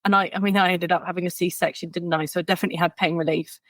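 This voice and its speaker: A woman speaks in a fairly low voice at a racing pace, recorded dry. She is a guest on a podcast, telling stories vividly and animatedly while acting out the people she quotes in the conversation.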